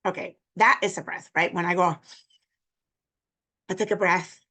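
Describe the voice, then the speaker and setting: Bright-voiced teacher. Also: female voice, on the low side, steady tone, breathy edge. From Puerto Rico. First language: Spanish. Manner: demonstrative, repeating example words slowly. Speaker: Spanish teacher. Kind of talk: online pronunciation lesson.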